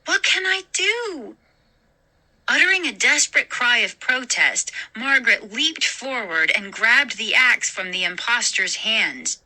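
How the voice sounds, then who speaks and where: Slow bright woman reading scary stories. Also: fairly high pitch, expressive, low-quality recording. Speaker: storyteller host. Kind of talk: scary story narration.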